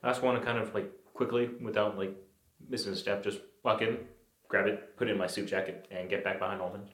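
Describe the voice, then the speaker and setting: A man's voice: on the low side, steady tone, fast talker, fairly bright tone, echoey room. A man playing a tabletop game, talking in a casual, loose way with many fillers. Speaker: player. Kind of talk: tabletop role-play.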